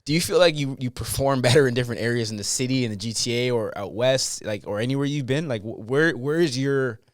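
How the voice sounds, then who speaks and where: A man hosting a podcast from his home studio, asking questions and reacting in quick, chatty banter. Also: medium pitch, no echo. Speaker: podcast host. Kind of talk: casual podcast chat.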